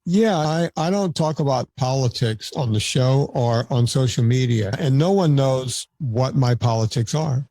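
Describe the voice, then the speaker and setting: A man's voice: mid-range voice, a little slow, hardly any pauses, warm tone, dry recording. A man guesting on a podcast, talking in a blunt, argumentative way with frequent stammered restarts. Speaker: podcast guest, documentary filmmaker. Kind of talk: casual podcast conversation.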